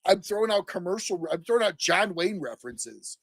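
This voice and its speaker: A man in his forties co-hosting a podcast, chatting casually and joking about himself in a rambling way, with a gravelly voice close to the mic. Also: sits high, expressive, brisk, no room sound. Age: 40s. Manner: self-deprecating, rambling. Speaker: podcast co-host. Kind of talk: casual chat.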